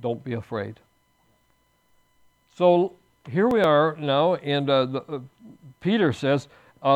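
A man's voice: a little high, lively intonation, takes it slowly, pauses often, dull audio. A man pastor preaching a sermon in church, earnest, with restarts and emphatic bursts.

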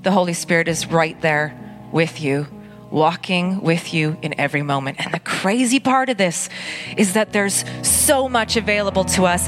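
A woman pastor preaching an earnest, conversational sermon at a church service, with dramatic pauses. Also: fairly low pitch.

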